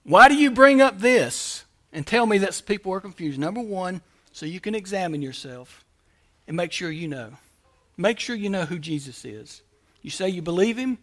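A male pastor with a high voice preaches emphatically and repetitively, swinging between loud declarations and quiet asides.

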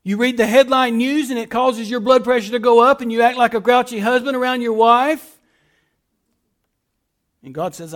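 A man preaching a sermon as pastor, swinging between loud emphatic lines and soft quiet ones, repeating phrases and restarting words. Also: very high voice, moderate pace, long pauses.

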